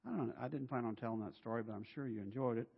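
A middle-aged man, a pastor, preaching a sermon in an animated, humorous way and acting out voices. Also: mid-range voice, very fast, vocal fry, slightly rough. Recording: dull sound in a reverberant hall.

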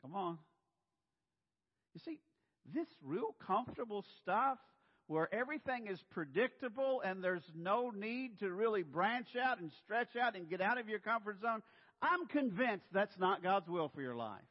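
A male pastor preaching a sermon, animated, speeding up and then slowing down to stress points. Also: high voice. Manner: animated, pushes pace then slows for emphasis. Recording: dull, echoey hall.

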